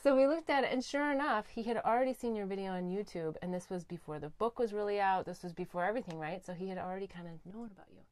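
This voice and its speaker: A woman hosting a talk show, telling a story to her guest with eager energy and sometimes sinking to a soft hush for heartfelt points. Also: mid-range voice, fast talker, few pauses, dry recording. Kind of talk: animated interview storytelling. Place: recording studio.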